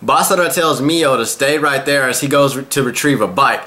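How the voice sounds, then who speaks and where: A man with a bright, sharp-edged voice at an ordinary middle pitch runs through an anime episode scene by scene. His retelling is loose and crude, rambling and swearing freely as he goes. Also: moderate pace. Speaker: anime reviewer. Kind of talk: casual episode recap.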